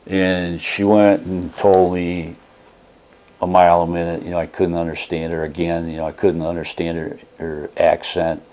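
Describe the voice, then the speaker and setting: A man's voice: low voice, fairly even intonation, normal speed, darkish tone. A man telling a casual, rambling story in a folksy manner while reviewing a product he bought. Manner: rambling folksy storytelling, retelling a phone call.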